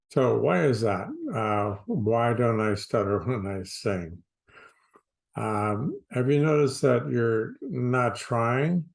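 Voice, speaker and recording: A man who coaches people who stutter, explaining in a slow, deliberate, plain-spoken way with pauses. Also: mid-range voice, gravelly. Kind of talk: casual explanatory talk to camera.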